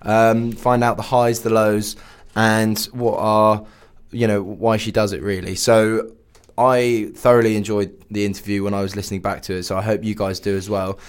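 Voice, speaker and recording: A man's voice: lowish voice, flat delivery, moderate pace, clean tone. A man hosting a radio show, chatting casually and rambling with lots of fillers.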